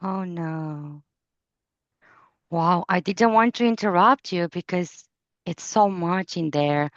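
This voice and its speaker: A woman podcast host who interviews her guest with soft, sympathetic responses. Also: lowish voice, slow pace, dry recording, muffled recording.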